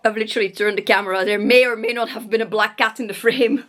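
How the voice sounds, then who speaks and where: A woman's voice: fairly high pitch, steady tone, fast, a bit bright. A woman knitting vlogger at home, talking casually and rambling with fillers and self-corrections, giggling now and then. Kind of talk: casual chat. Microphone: vlogging camera.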